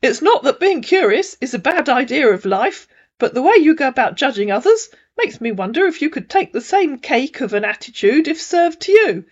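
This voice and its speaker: Woman voicing a male scammer, high-pitched, whiny, self-righteous, dull lo-fi sound. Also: big pitch swings, normal speed. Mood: aggrieved. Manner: plaintive, self-righteous protesting. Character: aggrieved male online scammer posing as surgeon.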